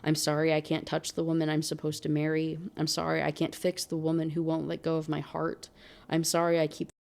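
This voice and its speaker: A woman's voice: low voice, completely flat delivery, fairly quick, vocal fry, a little mellow. A woman reading as a guilt-ridden young man. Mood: weary.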